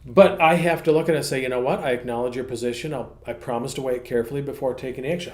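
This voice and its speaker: A man's voice: medium pitch, fairly even intonation, rapid-fire, darkish tone. Folksy pastor man in an echoey room. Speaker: pastor, co-host. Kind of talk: casual ministry podcast chat.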